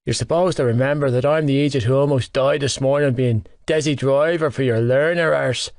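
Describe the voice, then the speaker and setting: A man voicing a gruff, irritable teenage rugby player who swears, in an audiobook. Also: medium pitch, steady tone, brisk, darkish tone, no echo, studio quality, natural voice. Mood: snappish. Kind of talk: audiobook character voice.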